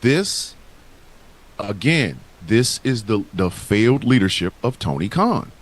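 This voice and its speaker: A man's voice: on the low side, very animated, slow. A man co-hosting a casual wrestling talk show, speaking in a heated, profane and emphatic way. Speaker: podcast co-host.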